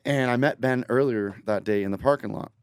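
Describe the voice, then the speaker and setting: A man from Northern Ontario telling a long story as a guest musician in a podcast studio, rambling and energetic, with restarts and the odd swear word. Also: medium pitch, a little fast, clear, resonant tone, no echo. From Northern Ontario, Canada. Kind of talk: casual interview storytelling.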